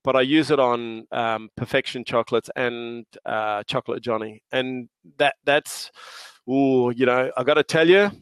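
A man's voice: mid-range voice, steady tone, measured pace, smooth, no echo. Jovial Australian man telling stories. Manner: jovial, laughing storyteller with slang. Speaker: podcast guest. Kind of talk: casual chat.

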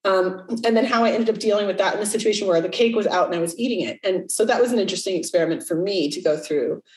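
A woman's voice: mid-range voice, fast. A middle-aged woman co-hosting a podcast, chatting candidly and swearing freely. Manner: candid, swears freely, acts out quoted voices. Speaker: podcast co-host. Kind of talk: casual podcast chat. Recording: roomy, slightly distant mic.

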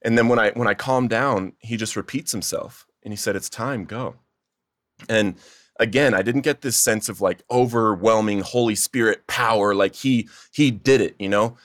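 Giving his recovery testimony, a young man speaks with earnest emotion, nearly shouting as he relives the pleas he made. He has a lowish voice at a moderate pace, captured in a dry, clean studio recording.

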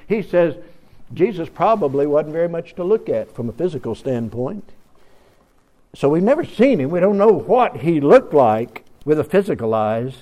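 A man preaching a sermon in a folksy way, building up to loud calls to his congregation. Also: high voice. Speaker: pastor.

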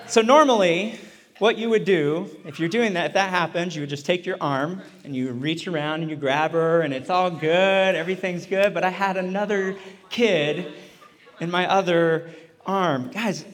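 Man, 30s, storytelling sermon, self-mocking humor, fairly high voice, long hall reverb. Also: normal speed. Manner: self-deprecating, humorous, chuckles often. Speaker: chaplain preaching at a church retreat. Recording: echoey hall sound.

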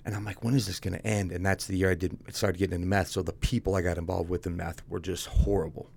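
A man's voice: low voice, flat delivery, fast talker, gravelly, a little mellow. A man telling his own story as a guest, speaking bluntly and casually and calling the host "dude".

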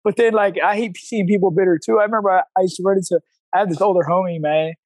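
Blunt, slangy high-voiced man. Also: fast, no echo, low-quality recording. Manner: blunt street slang, lively storytelling. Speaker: CrossFit coach and guest. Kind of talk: casual interview talk.

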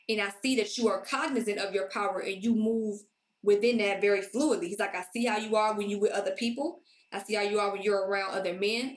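Confident woman host in an echoey room. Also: medium pitch. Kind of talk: casual podcast conversation.

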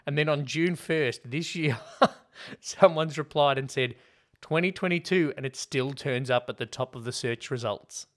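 A chatty man hosting a podcast, who laughs easily as he tells stories. His voice sits at an ordinary pitch in relaxed conversation. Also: a little slow. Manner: chatty, laughs often, storytelling. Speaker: podcast host. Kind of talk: casual film podcast chat.

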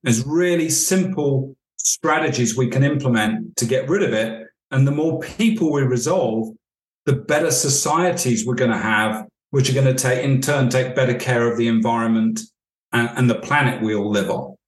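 A man's voice: mid-range voice, normal speed. Man coaching, echoey room. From United Kingdom. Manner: storytelling, acts out dialogue. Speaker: leadership coach. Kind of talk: podcast interview answers.

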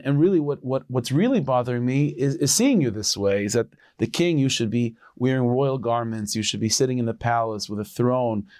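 A man's voice: mid-range voice, darkish tone, no room sound, clean studio sound, lightly acted. A man voicing a humble, kindly peasant in a told folk tale, eager and stumbling over his words. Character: humble, kindly middle-aged male peasant.

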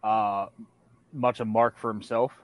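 A man's voice: on the low side, flat delivery, a little slow, dry recording. Blunt, opinionated man, dry mic. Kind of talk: casual podcast chat.

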